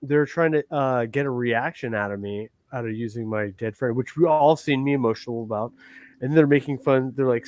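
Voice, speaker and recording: A man's voice: mid-range voice, a little fast, a little mellow, dry recording. A man hosting a livestream, ranting in a heated, profane and rambling way. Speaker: livestream host.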